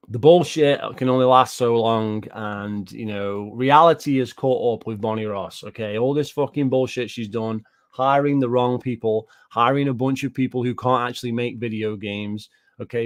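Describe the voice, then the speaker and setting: A man's voice: medium pitch, fairly even intonation, moderate pace. A British man giving casual reaction commentary on gaming news, ranting and swearing, repeating himself and answering live chat.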